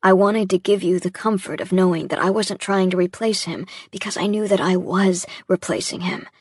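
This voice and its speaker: A woman voicing a jealous young man at the end of his rope, his words halting and pained, his voice breaking as he speaks. The voice is husky and breathy. It sits dry and close, with no room around it. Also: medium pitch, fairly even intonation, dry recording, natural voice. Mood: anguished. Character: distraught young adult man, jealous boyfriend. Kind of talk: audiobook dialogue reading.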